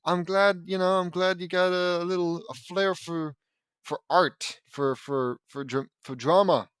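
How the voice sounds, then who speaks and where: A man's voice: high voice, steady tone, a little slow, fairly bright tone, clear, resonant tone, no echo. Guy reading fanfic and roasting it, rambly, trips over his words, very dry sound. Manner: sarcastic, rambling, stumbles and restarts often. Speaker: audiobook reader and commentator. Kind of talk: sarcastic reading of fan fiction with commentary.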